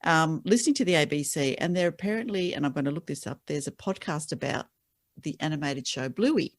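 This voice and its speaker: A woman's voice: low-pitched, fairly quick. A woman hosting a podcast, chatting casually and encouragingly with her guest. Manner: enthusiastic, encouraging interviewer. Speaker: podcast host. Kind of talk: casual interview chat.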